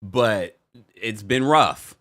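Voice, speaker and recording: Animated sassy male recap host. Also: fairly low pitch, extremely slow. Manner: animated, sassy, reads chat comments aloud. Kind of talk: casual reality TV recap with live chat.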